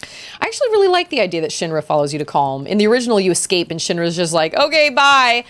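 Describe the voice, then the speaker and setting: Young woman, game streamer, chatty, lively pitch, low voice, game music behind. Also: rapid-fire. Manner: chatty, reacts aloud, reads game text. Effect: occasional robot voice filter. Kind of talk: casual live gameplay commentary.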